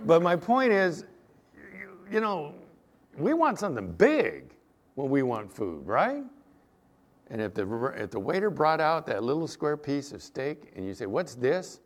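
A man's voice: fairly high pitch, unhurried. A male pastor preaching a sermon, telling stories and acting out the quotes in them. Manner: animated storytelling, acting out quotes.

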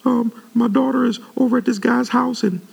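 A man voicing a frantic middle-aged church mother who begs her pastor for prayer in a high, breathless, pleading voice. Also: steady tone, fairly quick, vocal fry, darkish tone, husky, big-room sound, heavily acted.

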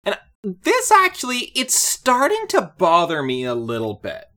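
A woman co-hosting a podcast, chatting casually about a cartoon, animated and laughing often. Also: a little slow. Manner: animated, laughs often, jumps high when excited. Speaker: podcast co-host. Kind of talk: casual chat reviewing a cartoon.

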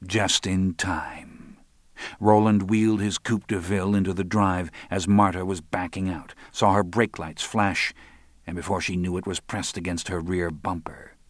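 A man narrating a crime audiobook in an even, measured way. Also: sits low, no echo, clean studio sound.

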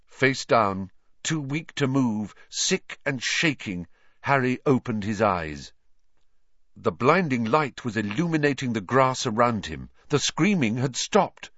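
A man's voice: mid-range voice, a bit bright, dry recording, highs cut off. A man narrating an audiobook with a dramatic, tense storytelling manner. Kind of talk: scripted narration.

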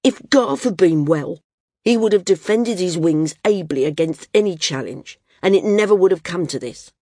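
A woman's voice: lowish voice, lively intonation, normal speed, warm tone, no room sound, clean studio sound. A woman voicing a stern, stubborn male landsman who argues his case with a raised, insistent voice.

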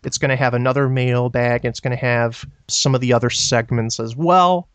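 A man's voice: mid-range voice, fairly even intonation, moderate pace, a bit bright, clean tone, no room sound. Rambling man, dry close sound. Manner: rambling, filler-heavy storytelling. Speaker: podcast co-host. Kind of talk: casual podcast chat.

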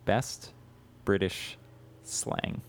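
A man co-hosting a casual comedy podcast, riffing playfully and animatedly. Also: drawn-out words. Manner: playful, animated, riffs with jokes. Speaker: podcast co-host.

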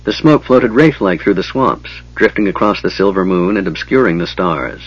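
A man narrating an audiobook in a steady, even reading. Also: deep voice, normal speed, slightly rough. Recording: dull lo-fi, dry.

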